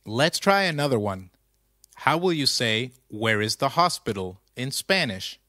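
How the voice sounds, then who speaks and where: Male teacher, slow and bright, dry close-mic narration, patient quiz-style delivery. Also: mid-range voice, big pitch swings, no room sound. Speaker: language teacher. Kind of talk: scripted lesson narration.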